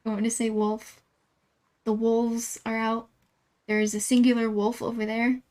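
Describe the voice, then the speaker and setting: A young woman streams a game and chats with her viewers, playful and giggly, often flustered and laughing. Her voice sits a little high with a darkish tone, and she speaks at a moderate pace with flat delivery.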